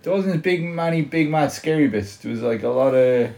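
A man in a casual chat among friends, blunt and quick to swear. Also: on the high side, gravelly, mellow.

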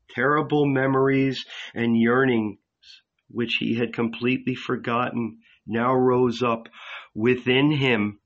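Measured male audiobook reader, unhurried, dull recording. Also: mid-range voice. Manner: calm, measured reading. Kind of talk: scripted narration of a novel.

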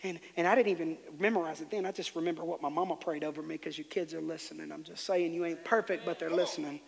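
A man's voice: on the high side, gravelly, in a large hall. A man preaching a sermon as pastor, fervently telling the congregation how to respond. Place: church sanctuary.

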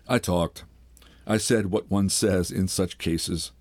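An older man, reading a short story aloud in a measured, unhurried way. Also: low voice, fairly even intonation, darkish tone, dry recording. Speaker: host and reader. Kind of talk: literary reading.

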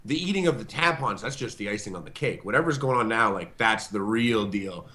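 Bright-voiced man telling a rambling story. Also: on the low side, fairly quick. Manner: animated, acts out quoted voices, many fillers. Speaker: online video show host and guest storyteller. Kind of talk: casual storytelling on a video call. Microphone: video call.

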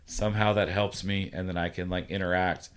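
Earnest, low-voiced podcast host. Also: male voice, flat delivery, fairly quick, smooth. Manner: earnest, reassuring, tells stories. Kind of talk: casual chat.

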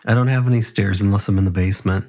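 A man's voice: on the low side, steady tone, racing, a little mellow. A man from the Chicago area co-hosting a podcast, trading crude jokes and stories, swearing freely and giggling often. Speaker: podcast co-host. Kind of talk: casual crude banter.

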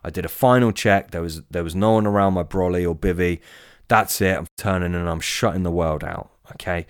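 A man's voice: sits low, fairly even intonation, clear, resonant tone, no echo, studio quality. A man telling a spooky fishing story in casual talk, swearing often and stumbling over restarts. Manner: swearing, halting with many restarts. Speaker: storyteller guest. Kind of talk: casual spoken ghost story.

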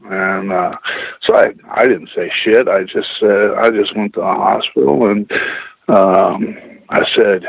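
A man's voice: fairly low pitch, fairly even intonation, measured pace, creaky, breathy edge, no room sound. A man telling personal stories in a rambling, profane, casual way, full of "you know"s. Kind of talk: casual storytelling. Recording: dull lo-fi radio sound.

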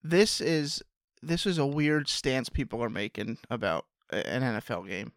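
A man co-hosting a podcast in casual chat, talking in a relaxed, drawn-out way. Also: mid-range voice, dry recording, studio quality. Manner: relaxed, drawn-out, frequent mm-hmms. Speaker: podcast co-host.

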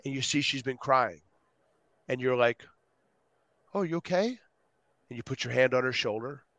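A man on a podcast as a guest, talking with energy and acting out quotes in lively voices. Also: mid-range voice, brisk, dry recording. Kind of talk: animated interview talk.

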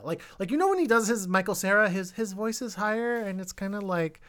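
A man co-hosting a podcast, chatting casually about a movie and trailing off into restarts and sudden animated bursts. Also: high-pitched, fairly quick. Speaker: podcast co-host. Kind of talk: casual film review chat.

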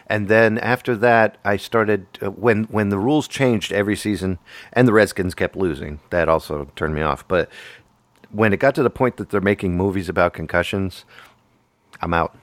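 Wry low-voiced male host. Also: moderate pace, dry recording. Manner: wry, dry humor, ranting. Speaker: podcast host. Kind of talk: casual chat.

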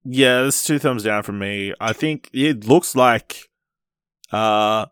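Low-voiced man hosting a podcast. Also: slow, clear, resonant tone, dry recording, clean studio sound. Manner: steady, reads listings, laughs easily. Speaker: podcast host. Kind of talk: reading trailer news and chatting.

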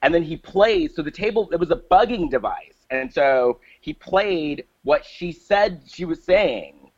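A man's voice: a little high, animated, unhurried, muffled recording. A man co-hosting a casual podcast, recapping a movie plot with lots of fillers and restarts. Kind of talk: casual chat.

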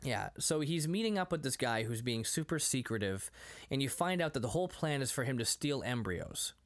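A man's voice: medium pitch, big pitch swings, a little fast. Rambling man chatting about a movie. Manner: rambling, laughs often, acts out quotes. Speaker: podcast co-host. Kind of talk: casual movie chat.

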